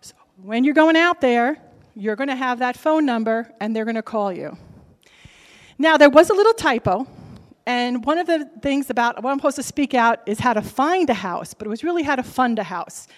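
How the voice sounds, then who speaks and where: A woman with a New Jersey accent, a lender giving a lively, direct seminar talk to a convention crowd and checking in with the audience as she goes. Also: fairly high pitch, moderate pace, in a large hall. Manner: brassy, direct, keeps checking in with "okay?". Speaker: lender speaking at a real estate convention. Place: large convention hall.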